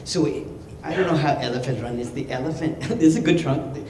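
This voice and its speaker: A man's voice: fairly high pitch, fairly quick. Boisterous man telling a joke. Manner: boisterous, laughs at own jokes. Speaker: entertainer. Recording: echoey hall with loud background noise.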